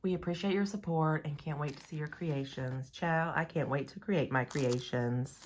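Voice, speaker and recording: A woman chatting casually in her home nail salon, gushing excitedly as she unboxes nail art gear. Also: low voice, normal speed, slight background noise. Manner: excitable, gushing, often gasping and sighing.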